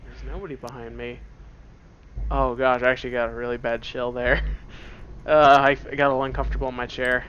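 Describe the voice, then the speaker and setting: A man playing a computer game in a dark room at home, with headphones on, talking through it in a playful, joking way. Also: mid-range voice, little pitch movement, a little fast, highs cut off, slight background noise. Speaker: let's play host. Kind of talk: casual gameplay commentary. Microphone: wearing headphones at the computer.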